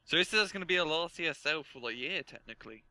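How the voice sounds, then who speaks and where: A man's voice: fairly high pitch, animated, fast talker, pushed and bright, dry recording, rough recording. A man commentating a strategy game match in a casual, laughing way. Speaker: game caster. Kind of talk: esports commentary.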